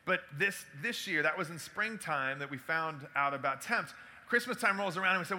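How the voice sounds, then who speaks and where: Bright-voiced male storyteller. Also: fairly high pitch, moderate pace. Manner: animated, acts out dialogue. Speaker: speaker giving a talk. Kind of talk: storytelling talk to an audience.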